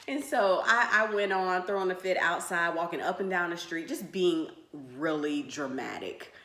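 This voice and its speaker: A woman's voice: on the low side, normal speed, hardly any pauses, roomy sound. A woman co-hosting, dramatically telling a funny story in casual chat and laughing often. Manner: dramatic, animated, laughs a lot. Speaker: co-host telling their story.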